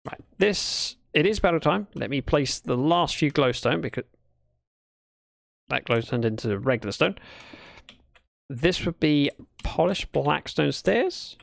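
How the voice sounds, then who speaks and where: A man's voice: fairly high pitch, expressive, slow pace, gravelly, long pauses, dry recording. A British man chatting casually to his live chat while building in a game, thinking aloud as he goes. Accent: British English. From Britain. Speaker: streamer.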